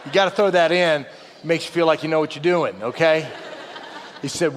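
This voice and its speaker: A middle-aged man preaching a sermon, telling a story in a folksy, humorous way and dropping low and quiet for quoted asides. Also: moderate pace. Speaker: pastor. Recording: reverberant hall.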